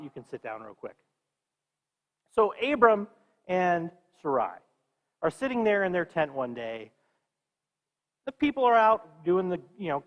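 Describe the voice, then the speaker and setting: A man with a fairly high voice leads a confirmation class in conversation. He keeps quizzing the students as he goes. His voice carries a long reverb from a large church hall. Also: highs cut off. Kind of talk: teaching a class.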